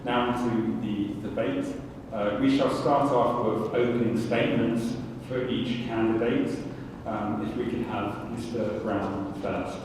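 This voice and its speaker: A man's voice: lowish voice, fairly even intonation, slow pace. Distant male moderator in an echoing hall. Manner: procedural, with many ums. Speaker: debate moderator. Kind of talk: moderating a debate. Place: synagogue hall with audience. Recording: echoey hall, distant mic, noise.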